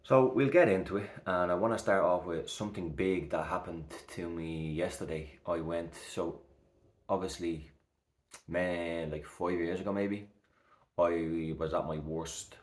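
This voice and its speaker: A man's voice: sits low, a little slow, echoey room. A man, talking earnestly and reassuringly to camera, rambling with fillers. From Ireland. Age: 30s. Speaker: recovery coach vlogger. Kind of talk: heartfelt casual talk to camera.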